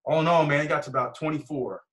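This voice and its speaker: A man's voice: on the high side, quick pace, a bit bright, rough recording. A man who coaches football, chatting casually, with rambling sentences full of slang and restarts. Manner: rambling, heavy on fillers and restarts, laid-back slang.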